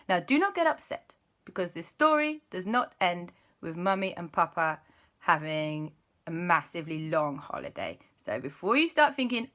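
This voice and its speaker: A woman's voice: on the low side, big pitch swings, normal speed, gravelly, bright, forceful tone. A young woman hosting a show and telling a children's story, playful and chatty, with asides to her young listeners.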